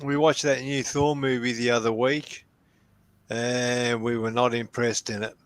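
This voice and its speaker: A man's voice: medium pitch, little pitch movement, unhurried. A man, a regular on the show, telling laid-back anecdotes in casual chat.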